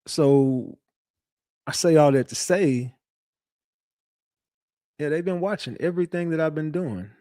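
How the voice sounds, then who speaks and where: A man's voice: on the high side, a little slow, long pauses, dark tone, no echo, clean studio sound. A man hosting his own online show, telling stories to his viewers in a casual, profane, rambling way. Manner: profane, rambling, conversational storytelling.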